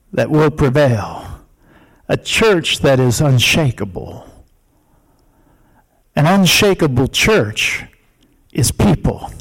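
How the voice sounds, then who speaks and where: A man's voice: high-pitched, a bit bright, rough recording. A male pastor preaching a sermon in emphatic, repeated short declarations.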